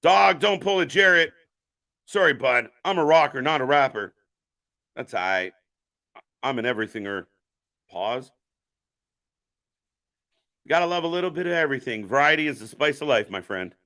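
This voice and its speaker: Brief: male stream host, bright tone, rambling and profane, reads chat aloud. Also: mid-range voice, expressive, normal speed, long pauses. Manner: profane, rambling, jokey, chats with viewers. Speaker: live stream host reacting to wrestling. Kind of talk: casual live commentary reading chat.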